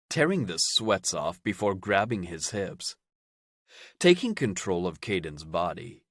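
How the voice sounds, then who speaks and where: A man narrating a romance audiobook in a steady, even storytelling delivery. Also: sits low, dry recording, studio quality.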